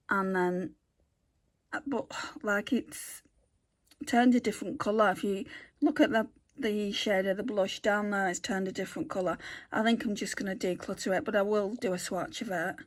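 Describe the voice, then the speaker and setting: A woman's voice: medium pitch, steady tone, normal speed. A woman chatting casually as she swatches makeup for a beauty vlog, thinking aloud and correcting herself as she goes. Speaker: beauty vlogger.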